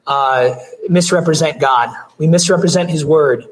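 A pastor delivering a sermon, hoarse with his voice going out, earnest, with restarts and throat clearing. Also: fairly high pitch, moderate pace, poor audio.

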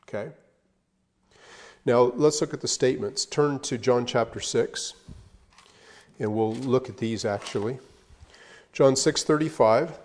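A man's voice: mid-range voice, measured pace, pauses often, a little mellow. Man teaching a Bible lesson. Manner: reads scripture aloud, then explains it with fillers and emphasis.

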